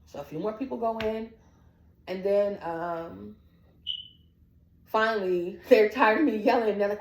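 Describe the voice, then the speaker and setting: A young woman casually telling a family story in a lively way, acting out the people she quotes and laughing often. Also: fairly high pitch, a little fast. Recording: echoey room.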